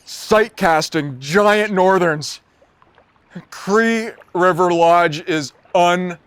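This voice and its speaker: A man, out of breath, giving excitable on-location commentary from a boat on a river and exclaiming often. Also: high voice, drawn-out words, clear, resonant tone, no room sound. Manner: excitable, exclaiming, laughing easily. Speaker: fishing show host.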